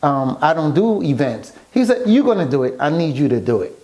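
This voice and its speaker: A man's voice: on the high side, fairly quick. A man telling his story in a casual interview, acting out what others said to him as he goes. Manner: animated storyteller acting out quoted dialogue. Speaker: guest, author and photographer.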